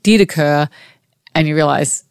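A woman's voice: deep voice, moderate pace, creaky, smooth, dry recording, studio quality. A woman co-hosting a podcast, offering upbeat, conversational advice. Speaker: podcast co-host. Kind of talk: encouraging pep talk.

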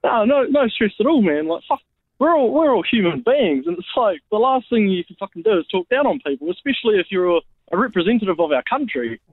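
A New Zealand man calls into a podcast. He talks in laid-back slang with plenty of swearing. His fairly high voice comes through a narrow, tinny phone line. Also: sing-song, fast, dry recording. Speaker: caller, podcast listener. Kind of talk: casual phone chat. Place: at work.

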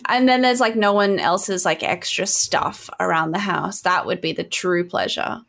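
A woman's voice: moderate pace, vocal fry, fairly bright tone. A young woman chatting in a jokey casual way as a podcast co-host, full of "like". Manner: jokey, lots of "like", jumps into silly high voices. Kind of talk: casual comedic chat.

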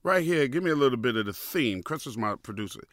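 A man in his fifties hosting a podcast, telling a story in a loose, animated way with slang. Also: medium pitch, fast talker, no room sound, clean studio sound. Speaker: podcast host. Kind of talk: casual storytelling.

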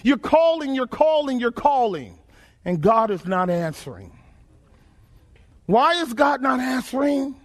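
A man's voice: very high voice, expressive, moderate pace, fairly bright tone. A man preaching a sermon, prodding his listeners with rhetorical questions and repeating phrases in rhythm. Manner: emphatic call-and-response questioning.

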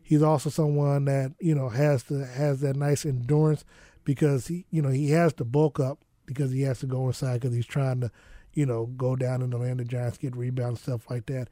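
A man's voice: medium pitch, level tone, moderate pace, warm tone, no room sound. A man co-hosting a sports talk radio show in a studio, talking in a laid-back, rambling way with many fillers.

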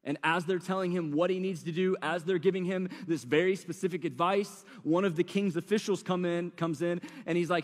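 A man's voice: sits high, a little fast, big-room sound. A man preaching a sermon, retelling the story in a casual, slangy, conversational way.

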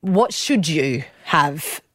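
Lively woman host, teasing and playful. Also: sits low, dry recording, clean studio sound. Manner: teasing, quick to laugh. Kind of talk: casual chat.

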